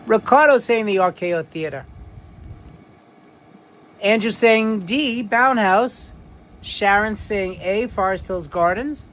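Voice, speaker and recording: A man's voice: sits high, expressive, a bit bright, a little hiss or hum. Chatty New York man hosting a stream. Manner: chatty, drawn-out emphasis, frequent fillers. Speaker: livestream host. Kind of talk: live-stream quiz and chat reading viewer comments.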